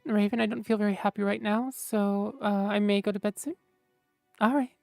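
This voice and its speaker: Woman, streamer, casual chat, rambling, fillers, mid pitch. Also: fairly even intonation, normal speed, gravelly, a little mellow, no echo, soft background music. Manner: rambling, lots of fillers and mumbling while searching. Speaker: streamer chatting with viewers.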